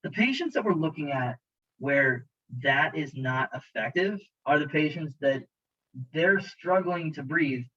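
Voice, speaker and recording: A man narrates a slideshow lecture as an EMT instructor, chatty and joking and speaking straight to his students. His voice sits a bit high. The recording is dull and lo-fi. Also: lively intonation, unhurried, bright, forceful tone, breathy edge. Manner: jokey, conversational, talks to students directly.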